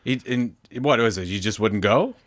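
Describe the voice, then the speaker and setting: A man's voice: fairly low pitch, animated, moderate pace, dry recording. A man co-hosting a marketing podcast, chatting casually and ranting with an indignant edge. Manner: indignant, stumbling rants. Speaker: podcast co-host. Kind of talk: casual chat.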